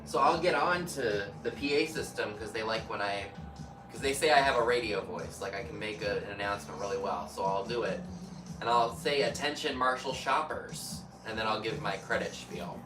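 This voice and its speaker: Brief: laid-back co-host guy, casual chat, set back from the mic, clear music behind. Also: lowish voice, a little fast. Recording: echoey room, a bit far from the mic, music behind.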